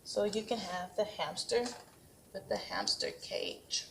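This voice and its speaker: A patient woman teacher walks through a toddler craft at home in a slow, encouraging voice. Her voice has a gravelly edge, and a faint hum of noise sits behind it. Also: medium pitch, very animated. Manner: patient, slow and encouraging, models sing-song animal sounds for toddlers. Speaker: preschool teacher. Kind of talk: craft demonstration and parenting tips.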